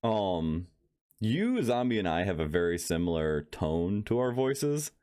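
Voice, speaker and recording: A man's voice: sits low, very animated, a little slow, mellow, clean tone. A young man co-hosting a casual podcast, rambling and musing with many fillers and frequent laughs. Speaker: podcast co-host.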